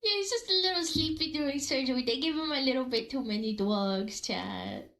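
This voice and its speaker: A woman streamer reacting to a video, talking casually with loud giggly exclamations and crude jokes. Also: sits high, big pitch swings, fairly quick, rough recording.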